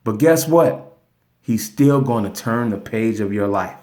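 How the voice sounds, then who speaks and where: A man's voice: lowish voice, lively intonation, unhurried, mellow. A man telling a story as a lesson in an earnest, casual motivational talk, streamed live from his phone. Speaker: motivational speaker.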